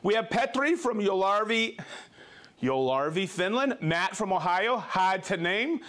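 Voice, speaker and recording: A man hosting a livestream, reading out viewer shout-outs in a playful, jokey way and laughing easily. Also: sits high, lively intonation, a little slow. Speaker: host.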